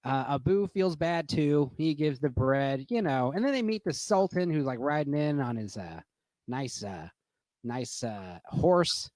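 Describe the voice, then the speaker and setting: Drunk male reviewer, higher voice, loose and profane, lots of "like" and "uh", dry close sound. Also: expressive, measured pace, darkish tone, no room sound. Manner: profane, rambling, lots of fillers and restarts. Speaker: movie reviewer. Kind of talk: rambling casual movie rant.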